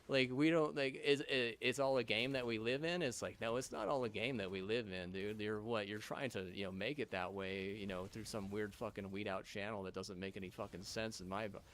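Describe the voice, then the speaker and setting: A man's voice: lowish voice, steady tone, fairly quick, few pauses, a little hiss or hum. A young man rants at length. He rambles and swears constantly, piling up fillers and false starts as he goes. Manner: rambling, profane, many fillers and restarts. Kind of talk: profane rambling rant.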